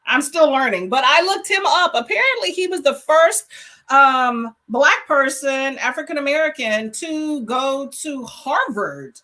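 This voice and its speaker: A woman's voice: high-pitched, pushed and bright. A young woman hosting a casual reading livestream, greeting viewers and answering their comments in a chatty, laughing way. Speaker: livestream host.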